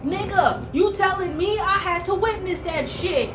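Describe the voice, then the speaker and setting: A woman's voice: extremely high pitch, unhurried. A woman telling funny stories in casual, slangy chat, laughing often.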